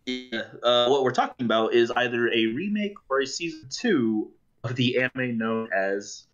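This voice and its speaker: A man's voice: mid-range voice, expressive, moderate pace, a bit bright, soft background music. Adult male co-host, hesitant and nitpicky, dull lo-fi recording. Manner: hesitant, pedantic, laughs often. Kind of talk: casual chat. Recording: dull lo-fi call audio.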